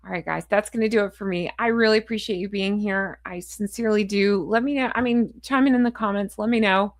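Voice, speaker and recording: Gravelly-voiced woman vlogger signing off. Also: mid-range voice, steady tone, fairly quick, dry recording, clean studio sound. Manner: frustrated, ranting and blunt; chatty, sign-off rambling. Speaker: royal commentary vlogger. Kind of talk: casual chat to camera.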